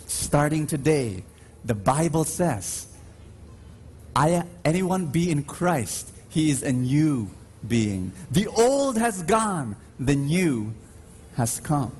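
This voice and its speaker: A medium-pitched male voice, with slight background noise, belongs to a preacher giving a sermon at Mass in a large church. He speaks emphatically and calls out to the congregation for responses, drawing out his stories slowly with dramatic rises.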